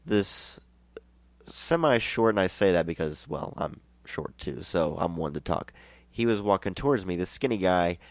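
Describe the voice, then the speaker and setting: A male show host telling a rambling, excited story in a casual way, laughing and restarting as he goes. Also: low-pitched, smooth, no echo.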